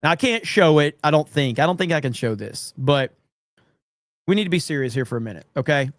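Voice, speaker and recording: Sarcastic livestream host, slightly high voice. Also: male voice, lively intonation, a little fast, dry recording. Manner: sarcastic mock-earnest delivery, blunt and profane; frequent restarts and stammering. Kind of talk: live-streamed talk show reading chat.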